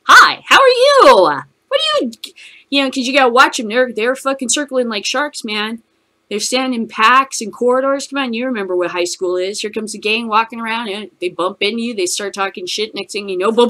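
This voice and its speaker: American woman, angry profane rant, bright tense voice, slightly high. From United States. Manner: angry, heavy cursing, fast bursts. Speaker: host of a cannabis news show. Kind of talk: profane ranting commentary.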